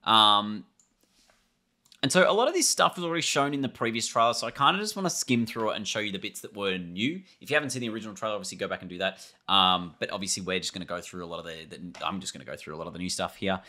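A man with a low voice that still comes across bright and forceful. He talks casually through a trailer breakdown. He rambles and thinks aloud as he goes, like a gaming YouTuber. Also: fast talker.

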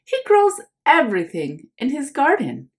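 A woman's voice: high voice, huge pitch swings, measured pace, pitched above the performer's own voice, full character voice. A woman voicing a stubborn little boy in a children's storybook, firm and insistent.

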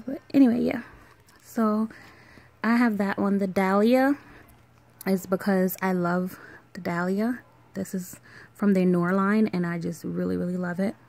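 A woman in her thirties with a Caribbean island accent chats casually in a home vlog. Her voice has a gravelly, creaky edge, and her talk wanders, filled with ums and small laughs. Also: medium pitch. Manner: relaxed, rambling, with fillers and soft laughs. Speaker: vlogger. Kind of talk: casual show-and-tell vlog.

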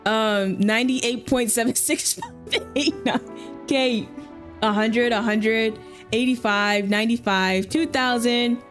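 A woman live streamer chatting casually and excitedly with her viewers while she plays, using lots of slang. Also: fairly high pitch, slow, soft background music.

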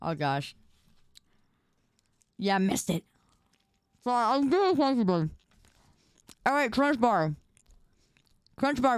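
A young woman with a fairly high, clean-toned voice streams live with no room sound, eating as she chats. She casually and playfully teases her viewers.

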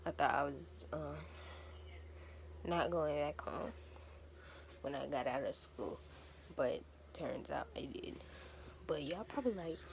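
Low-voiced young woman rambling to viewers. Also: measured pace, creaky, pauses often, a little hiss or hum. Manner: rambling, repeats herself, addresses viewers as y'all. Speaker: vlogger. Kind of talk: casual vlog chat. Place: camper.

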